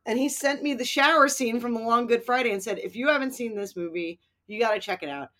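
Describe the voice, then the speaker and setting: She talks fast, with a fairly high, fairly bright voice, co-hosting a film podcast. The conversation is casual and wry, full of self-deprecation and cursing.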